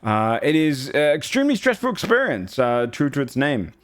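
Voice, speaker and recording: A man's voice: a little high, wildly swooping pitch, moderate pace. A man narrating as game master in a tabletop game, rambling and hesitant with many fillers.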